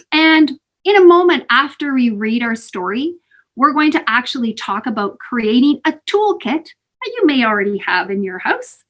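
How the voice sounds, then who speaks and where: Woman, kids' mindfulness teacher, fairly high and animated, sing-song delivery, video-call sound. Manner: animated, sing-song, calls kids sweethearts. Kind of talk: teaching kids breathing exercises. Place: home, virtual session.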